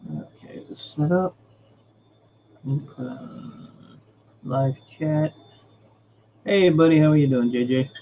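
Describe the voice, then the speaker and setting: A man's voice: on the high side, slow pace, pauses often, slight background noise. Chatty man hosting a lo-fi livestream. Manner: chatty, greets viewers by name, mutters at setup. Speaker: livestream host. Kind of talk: casual live-stream chat.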